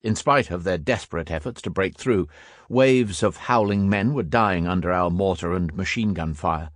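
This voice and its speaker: A man reading a war memoir audiobook as scripted narration, raising his voice for characters' shouts. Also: sits low, normal speed, no room sound, clean studio sound.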